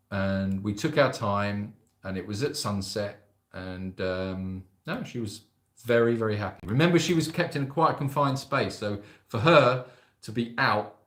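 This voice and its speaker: A man's voice: lowish voice, a bit bright. A man, hosting and chatting casually in a rambling storytelling way. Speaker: sanctuary host. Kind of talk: casual livestream chat. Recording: echoey room.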